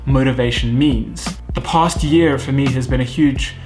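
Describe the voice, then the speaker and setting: A man's voice: medium pitch, measured pace, over music. A British man in his thirties, vlogging to camera in an earnest, self-critical way, thinking aloud at home. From United Kingdom. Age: 30s. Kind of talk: candid reflective vlog talk to camera.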